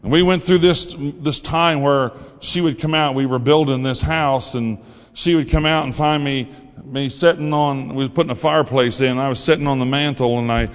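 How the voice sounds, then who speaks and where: A man preaching his own testimony in a folksy, storytelling manner. His voice sits at an everyday middle pitch. A long hall reverb trails after each phrase. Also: steady tone, normal speed. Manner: folksy storytelling, acts out quotes. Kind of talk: sermon testimony.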